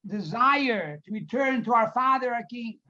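A man's voice: very high voice, expressive, unhurried, pushed and bright. A man teaching a Torah class who reads Hebrew phrases, translates them and tells parables with repetition for emphasis. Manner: storytelling, repeats words for emphasis. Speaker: rabbi teacher. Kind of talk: Torah class on a Hasidic discourse. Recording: dull lo-fi recording.

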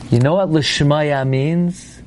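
Man, high voice, Torah teacher, storytelling lecture, loud sudden exclamations. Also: steady tone, slow pace, slight background noise. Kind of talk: prayer class lecture.

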